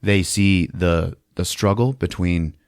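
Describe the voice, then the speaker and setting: Low-voiced man recapping a movie casually. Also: takes it slowly, no echo, studio quality. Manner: casual, swears, acts out scenes. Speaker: podcast host. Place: podcast studio.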